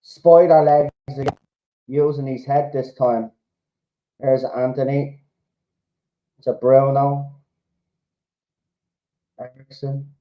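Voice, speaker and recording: A man reacting live to a football match as a fan host, swearing freely and shouting at the players. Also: mid-range voice, muffled recording.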